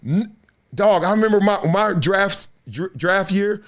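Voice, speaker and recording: This fairly high-pitched male voice, moving at a moderate pace, belongs to a fifty-something host of a laid-back sports talk show. Full of slang and frequent laughter, he tells stories with animation and performs the quotes himself.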